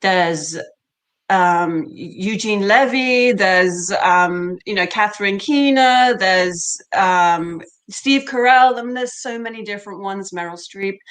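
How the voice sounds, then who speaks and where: A woman's voice: mid-range voice, fairly bright tone. A British woman, an actress, chatting animatedly in an interview with many fillers and laughs. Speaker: actress, guest. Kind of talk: casual interview chat.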